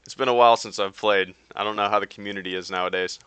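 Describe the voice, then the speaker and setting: A YouTube streamer chats casually with viewers while playing a game, rambling with lots of fillers and restarts. His fairly low voice is steady, quick, fairly bright, and clean, with no room sound.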